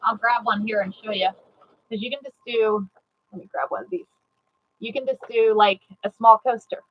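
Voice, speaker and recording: A woman giving a live sewing demonstration, chatty and excitable, repeating herself and greeting viewers. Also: on the high side, normal speed, muffled recording, a little hiss or hum. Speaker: sewing instructor.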